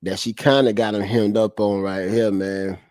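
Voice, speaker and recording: A man's voice: fairly low pitch, little pitch movement, normal speed, a little mellow, no echo, studio quality. A man hosting a casual livestream, talking loosely with lots of slang, repetition and profanity. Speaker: online commentary host. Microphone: streaming setup mic.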